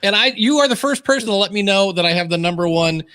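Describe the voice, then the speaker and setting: A man's voice: high voice, quick pace. A man who is a podcaster and author, chatting as a guest over a video call, self-deprecating and acting out the voices in his stories. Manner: self-deprecating, animated storyteller acting out quotes. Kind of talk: casual interview chat.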